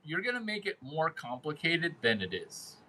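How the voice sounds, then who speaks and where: A man's voice: a little high, big pitch swings, normal speed, pushed and bright, low-quality recording. A man hosting a casual monologue, brash and crude, who repeats phrases for emphasis. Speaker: host giving dating and sales advice.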